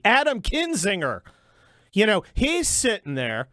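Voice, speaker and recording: A man's voice: sits high, huge pitch swings, a little slow, sharp tone, dry recording. A middle-aged man hosting a talk radio show, delivering a sarcastic, mocking monologue into a studio microphone. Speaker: radio host.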